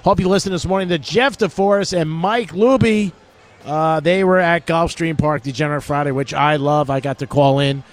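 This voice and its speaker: A man's voice: on the high side, moderate pace. A middle-aged man hosting sports betting talk radio, chatty and joking as he tells stories. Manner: chatty storytelling with jokes.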